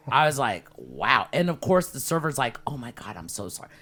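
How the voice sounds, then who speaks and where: A woman's voice: rumbling low, normal speed. A woman in her fifties, a podcast co-host, telling stories in casual chat and swearing freely. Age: 50s. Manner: animated storyteller, swears freely.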